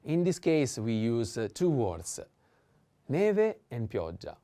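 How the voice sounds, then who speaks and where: An Italian-accented man talks through a language lesson with a mellow, darker tone. His pitch moves in lively swings, and he takes his time. He patiently repeats each word with careful stress. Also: takes it slowly. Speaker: language teacher.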